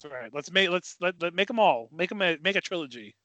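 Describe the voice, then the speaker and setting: A man's voice: sits high, expressive, quick pace, pushed and bright, dry recording. A man co-hosting a podcast in casual chat, rambling and opinionated with enthusiasm. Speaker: podcast co-host.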